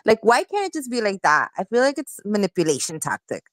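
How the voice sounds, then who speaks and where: A woman's voice: mid-range voice, brisk, no room sound. A woman in her forties from Miami, chatting casually and animatedly in a group conversation. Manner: chatty, animated storytelling with laughs.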